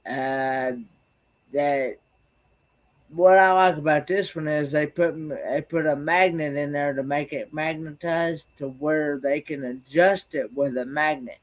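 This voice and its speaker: A man with a Southern accent chatting casually, speaking haltingly and repeating words as he goes. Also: fairly high pitch, steady tone. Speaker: regular guest. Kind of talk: casual chat.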